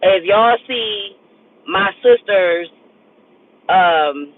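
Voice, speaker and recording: A woman in her forties talks quietly and haltingly from behind the wheel of a car. Her voice comes through thin and tinny, like a phone line. Her tone is soft and reflective, and she often pauses and starts over. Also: medium pitch, no echo. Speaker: vlogger. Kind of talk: casual storytime chat. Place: car while driving.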